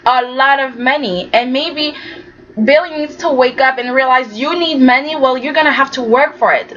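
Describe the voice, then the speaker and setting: A woman's voice: sits high, a bit bright, lo-fi sound, a little hiss or hum. A woman reviewing a soap opera in a chatty, opinionated way, often asking "okay?". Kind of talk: casual review talk.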